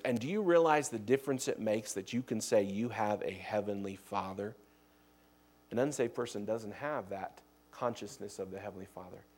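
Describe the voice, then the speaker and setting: A young man with a cold delivers a sermon. He reads scripture with rising force, then drops to a quiet, personal tone when he tells his own stories. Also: medium pitch. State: has a cold. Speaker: preacher.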